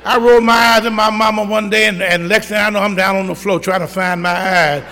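A man's voice: high-pitched, steady tone, fairly quick, bright, forceful tone, big-room sound. A middle-aged man preaching a sermon, telling folksy stories and calling for amens from the congregation. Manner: storytelling, folksy, call-and-response. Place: church.

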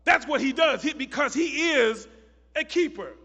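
A man preaching a sermon who repeats phrases for emphasis and builds up to shouted, chanted lines. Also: very high-pitched, expressive, normal speed. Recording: muffled recording in a reverberant hall.

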